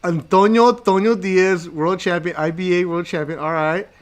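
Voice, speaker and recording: A man's voice: high-pitched, steady tone, normal speed. A man hosting a podcast in casual chat, teasing his guest and repeating his commands. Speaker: podcast host.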